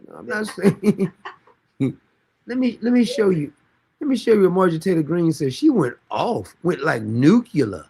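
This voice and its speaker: A man's voice: high voice, big pitch swings, a little fast, vocal fry, a little mellow, breathy edge. A man hosting a casual livestream, rambling and mocking with frequent laughter, talking now and then to someone beside him. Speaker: livestream host.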